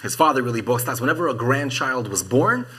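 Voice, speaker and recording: A man's voice: medium pitch, animated, a little fast, sharp tone, husky. A man hosting a fundraising broadcast, introducing a guest and appealing for donations. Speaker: host.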